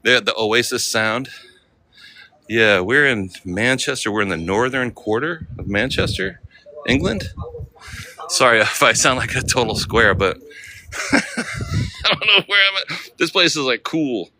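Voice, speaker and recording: A man's voice: medium pitch, lively intonation, measured pace, long pauses, pushed and bright, slight background noise. An American man live-streaming as he walks city streets, chatting casually with viewers in slang. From United States. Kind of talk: walking live-stream vlog.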